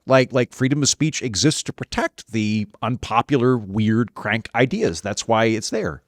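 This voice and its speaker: A man in the host's chair talks in a chatty, animated, opinionated way. His voice sits at a middling pitch. The recording is dry and close. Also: moderate pace, hardly any pauses, dry recording. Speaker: podcast host. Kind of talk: conversational interview.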